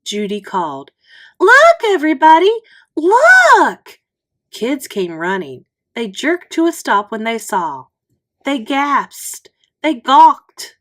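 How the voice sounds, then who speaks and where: A woman reading a children's chapter book aloud in an expressive, unhurried storytelling manner. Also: medium pitch.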